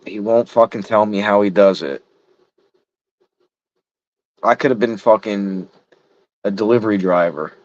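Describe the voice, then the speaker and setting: Frustrated middle-aged guy cussing a lot, kinda low voice, dry muffled audio. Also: unhurried, long pauses, no room sound. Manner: frustrated, heavy swearing, rambling. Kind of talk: casual chat. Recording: dull lo-fi sound.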